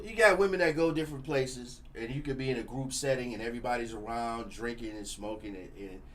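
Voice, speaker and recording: Male talk host, high-ish voice, preachy, animated, casual. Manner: preachy, animated, repeats "you know what I'm saying". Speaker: show host.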